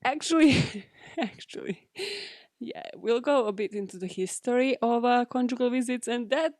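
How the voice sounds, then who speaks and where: A woman's voice: on the high side, fairly even intonation, normal speed, a little mellow, no echo, clean studio sound. A young British woman hosting a solo podcast in a chatty, giggly way, swearing freely. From Britain. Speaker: podcast host. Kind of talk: casual solo podcast chat.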